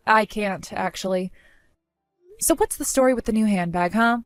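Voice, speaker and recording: A woman's voice: medium pitch, moderate pace, no echo, clean studio sound, soft background music. Weary, sarcastic woman storyteller. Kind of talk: first-person animated story narration.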